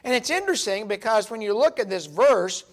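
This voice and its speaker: A man's voice: sits high, expressive, brisk. A man teaching a Bible study, earnest and emphatic, stressing key words as he reads verses aloud.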